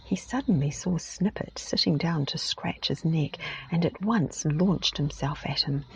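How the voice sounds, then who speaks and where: A woman with a British accent reading a story in a gentle, whispery ASMR style, recorded muffled and lo-fi in a parked car. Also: low-pitched, measured pace, slight background noise. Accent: British English. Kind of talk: soft-spoken ASMR reading. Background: baby snoring.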